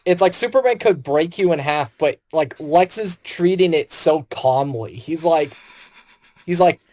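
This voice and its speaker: A man's voice: fairly high pitch, lively intonation, measured pace, a little mellow. A man co-hosting a podcast film review, rambling casually and retelling scenes by acting out the lines.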